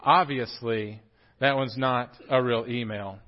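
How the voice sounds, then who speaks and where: In a church sanctuary, a young man with a mid-range voice preaches an unhurried, casual sermon full of jokes. The sound is lo-fi, and he stays animated, addressing the congregation directly.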